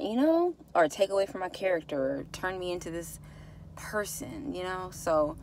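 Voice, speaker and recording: A woman speaks straight to her viewers in a low-pitched, heartfelt voice. She repeats herself and sounds close to tears. A faint hum of ambient noise sits behind her. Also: expressive, moderate pace, darkish tone. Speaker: vlogger. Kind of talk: emotional casual vlog to viewers.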